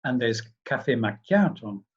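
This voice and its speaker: Brief: man reading as a young eager student, higher and keen, husky, dull lo-fi. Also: expressive, normal speed. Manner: eager, know-it-all explaining.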